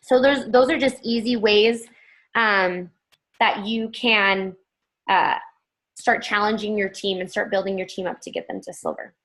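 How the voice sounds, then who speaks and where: A woman's voice: medium pitch, fairly even intonation, unhurried, a bit bright. A woman giving a chatty, upbeat training talk to her team, joking about her own math.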